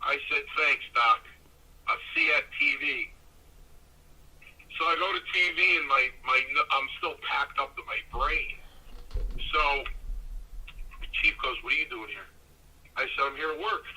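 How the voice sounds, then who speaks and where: A man tells a long story in a lively, animated way and switches voices for the people he quotes. His voice is very bright and a bit husky, and it is pitched slightly high. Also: a little slow, pauses often, rough recording. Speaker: guest, former pro wrestler. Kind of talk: casual storytelling.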